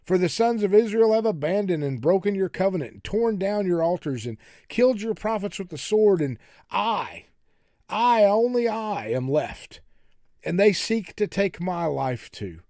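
Man doing a despairing prophet, self-pitying, high pleading voice, lively swings in pitch, dark mellow tone. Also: a little slow, no echo, clean studio sound, full character voice.

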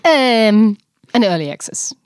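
A woman's voice: a little high, lively intonation, a little slow, darkish tone, clear, resonant tone, dry recording, clean studio sound. A woman co-hosting a podcast, chatting casually and laughing often. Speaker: podcast co-host. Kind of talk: casual chat.

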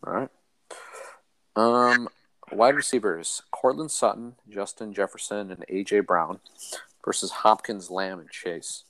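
A relaxed man co-hosting a casual podcast chat. His voice sits a little low and sounds dry and close, with no room around it. He moves the talk along loosely and laughs easily. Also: measured pace, dry recording, low-quality recording. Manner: laid-back, laughs often, runs the segments. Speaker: fantasy league podcast co-host.

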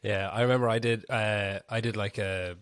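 Young man, fairly low voice, dry close mic, easygoing chatter. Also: fairly even intonation, moderate pace, fairly bright tone, clean tone, no echo. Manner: chatty, self-deprecating, frequent swearing. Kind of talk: casual chat.

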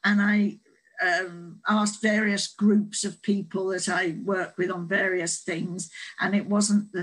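A woman's voice: mid-range voice, husky, rough recording. A woman guest author telling a reflective story in an online talk, hesitant with restarts and wry humour.

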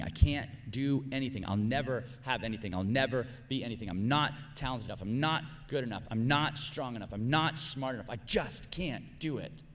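A middle-aged man preaches a sermon, animated and acting out exasperated rants in a high, strained voice, with a long reverb tail on the sound.

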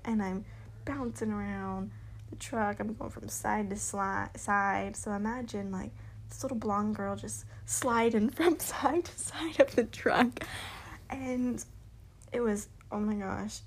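Young woman vlogger, mid pitch, bubbly, profane, giggly. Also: measured pace. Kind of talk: casual storytelling.

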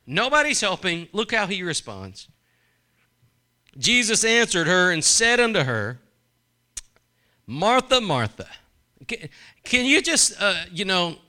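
A man's voice: high voice, bright, forceful tone, clean tone. A man preaching a sermon in a conversational way, asking the congregation questions and acting out quoted voices.

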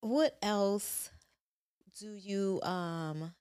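A woman's voice: medium pitch, extremely slow, darkish tone, smooth. A woman co-hosting a podcast in casual, chatty conversation, laughing often. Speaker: podcast co-host. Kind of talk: casual chat.

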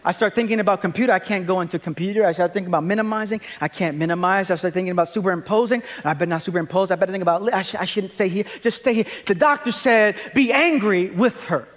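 A male pastor giving a conference sermon, telling animated, self-deprecating stories and acting out the scenes. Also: high voice, racing, few pauses. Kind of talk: conference sermon with humorous storytelling. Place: large conference hall. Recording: long reverb of a large hall.

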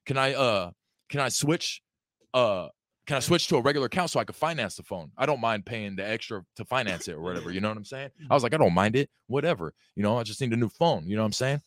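Fast-talking, ranting man from San Diego. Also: mid-range voice, no room sound, clean studio sound. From North County, San Diego, California. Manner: profane, animated ranting storyteller. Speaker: guest rapper. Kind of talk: casual podcast chat.

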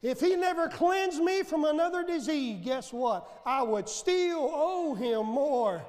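High-voiced man preaching in slow, fervent bursts. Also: lively intonation, in a large hall. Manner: fervent preaching with rising shouts and call-and-response. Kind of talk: sermon. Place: church sanctuary.

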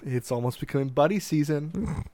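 A man's voice: on the high side, moderate pace, dark tone, no room sound. A man co-hosting a podcast in casual chat, joking around and teasing his friend. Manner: joking, playful, breaks into silly voices. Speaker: podcast co-host.

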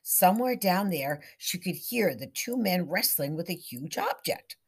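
A woman narrating a suspenseful short story in a hushed, dramatic reading. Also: lowish voice, expressive, a little slow, gravelly, husky.

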